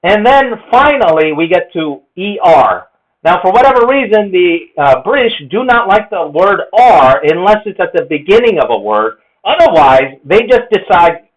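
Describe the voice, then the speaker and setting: Male presenter with a high, expressive voice; methodical, lecturing delivery; muffled lo-fi sound. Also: moderate pace. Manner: lecturing, counts errors methodically. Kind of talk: explanatory monologue.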